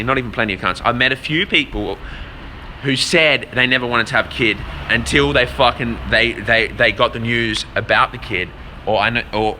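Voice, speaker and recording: A man's voice: medium pitch, pushed and bright, slight background noise. A man livestreaming a blunt, profane rant, answering his chat and stumbling over repeated words as he talks. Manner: repeats words while searching for them. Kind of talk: casual rant to a live audience.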